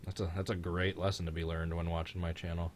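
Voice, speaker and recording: A young man hosting a live-streamed race reaction, joking and excitable in casual commentary. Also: low voice, fast, a little hiss or hum. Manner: joking, excitable, mild swearing. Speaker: host of a live-streamed racing reaction show.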